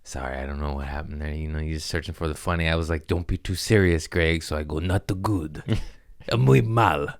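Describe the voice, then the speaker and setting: A man's voice: very deep voice, level tone, quick pace, clear, resonant tone. A young adult man hosting a comedy podcast, rambling through crude jokes and laughing at himself. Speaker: podcast host. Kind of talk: casual comedic monologue.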